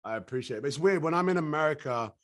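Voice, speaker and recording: A man's voice: on the high side, very fast. A middle-aged man with a British accent, chatting casually as an interview guest and laughing easily. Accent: British English. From England. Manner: relaxed, laughs easily, slips into voices. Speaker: actor guest.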